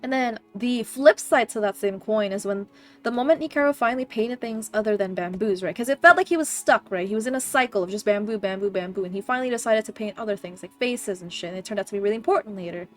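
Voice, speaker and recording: A woman streamer hosting a book club, chatting casually, excitable and swearing freely. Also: medium pitch, fast, faint music behind. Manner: excitable, swears a lot, loud laughing outbursts. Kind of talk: casual chat.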